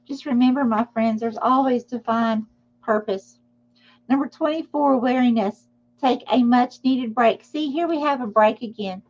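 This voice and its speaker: A woman's voice: fairly high pitch, normal speed, a little mellow, muffled recording. A woman giving a live tarot reading, speaking reassuringly and often checking in with "okay?". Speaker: tarot reader.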